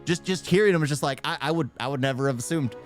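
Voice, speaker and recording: A man casually reacting to news clips, animated and stammering, laughing often. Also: fairly high pitch, quick pace, soft background music. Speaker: reaction streamer.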